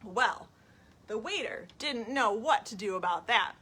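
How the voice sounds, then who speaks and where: A woman's voice: a little high, animated, a little slow, loud music behind the voice. A woman reading a children's story at a library storytime, inviting kids to sing along. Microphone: webcam on a live stream.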